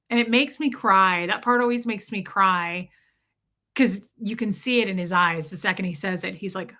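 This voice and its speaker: A woman hosting a casual livestream, chatty and animated, answering viewers by name. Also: mid-range voice, normal speed. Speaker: livestream host reading chat.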